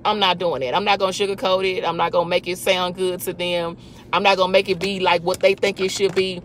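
A woman's voice: fairly low pitch, level tone, fairly quick, fairly bright tone, a little hiss or hum. A woman hosting a casual faith talk, emphatic and full of rhetorical questions. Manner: emphatic, rhetorical questions, talks back to imagined people. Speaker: host.

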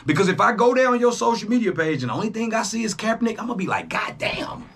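A young man talks straight to his viewers, his husky voice sitting fairly high. His speech leaps up and down in pitch as he fires off loud, profane jabs and drops into quieter asides. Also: racing. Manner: animated, profane, swings between loud jabs and low asides. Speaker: YouTube reaction host. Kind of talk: casual monologue to camera.

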